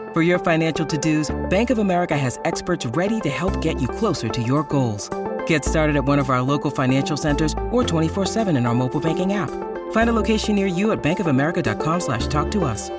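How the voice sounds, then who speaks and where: Fast upbeat ad voice, music playing loud underneath. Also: mid-range voice. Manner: upbeat scripted read. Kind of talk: bank radio ad read.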